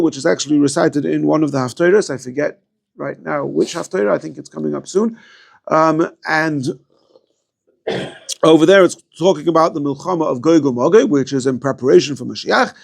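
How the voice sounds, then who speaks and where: Man, rabbi, gravelly, casual Torah lecture, digressive. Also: fairly high pitch. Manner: digressive, thinking aloud with many fillers and restarts. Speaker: rabbi teaching a class.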